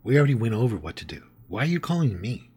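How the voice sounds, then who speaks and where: A man's voice: mid-range voice, very animated, quick pace, a little mellow, slightly rough. A man doing a blunt impatient sponsor. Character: calm, blunt male sponsor.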